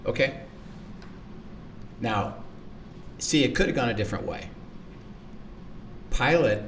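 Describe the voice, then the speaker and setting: A man's voice: mid-range voice, expressive, takes it slowly, pauses often, distant mic, slight background noise. A man teaching the Bible in conversation, earnest, acting out quoted lines and often repeating words.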